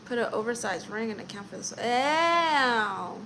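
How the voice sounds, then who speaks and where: A woman's voice: fairly high pitch, animated, unhurried, background noise. A woman from Florida hosting a casual live stream, chatting playfully and reading viewer comments aloud. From Orlando, Florida.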